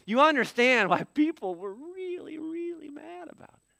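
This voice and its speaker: A middle-aged man preaching a sermon as pastor, animated and acting out quoted dialogue. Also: extremely high pitch, normal speed, vocal fry, dry recording.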